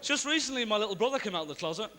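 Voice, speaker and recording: A young man from Ireland, doing a stand-up comedy routine live on a theatre stage, tossing in deadpan asides and quick voices of other people. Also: high voice, slight background noise. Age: young adult. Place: large theatre stage with audience. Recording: live theatre recording with long reverb and faint ambience.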